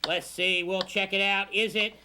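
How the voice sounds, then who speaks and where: High voiced guy hosting a cooking show, folksy and hammy, bright piercing tone. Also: level tone, moderate pace, slight background noise. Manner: folksy, hammy, exuberant showman. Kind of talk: cable TV cooking demonstration. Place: TV studio kitchen.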